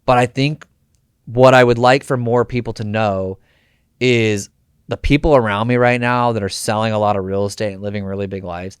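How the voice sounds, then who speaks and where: A man's voice: on the low side, clear, resonant tone, no room sound, studio quality. A man hosting a podcast interview, talking casually and energetically, slipping in slang and acted-out quotes. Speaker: podcast host.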